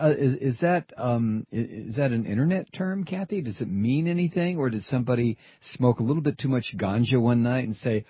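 A man's voice: mid-range voice, expressive, moderate pace, husky, no room sound, lo-fi sound. A middle-aged man hosting a radio talk show, rambling and wry, digressing between topics. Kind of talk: casual talk radio chat. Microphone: studio microphone.

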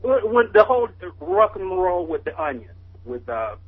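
A man calling in to a radio show, earnest and halting, with lots of stammered restarts. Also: sits high, very animated, husky. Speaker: caller. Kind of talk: phone-in call. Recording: tinny phone line.

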